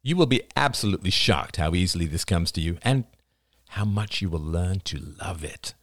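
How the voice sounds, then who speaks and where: An earnest young man lectures his friends with mounting intensity, as a male reader plays him. The voice sits low and is recorded dry and close. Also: expressive, moderate pace, fairly bright tone, dry recording. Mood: urgent lecturing.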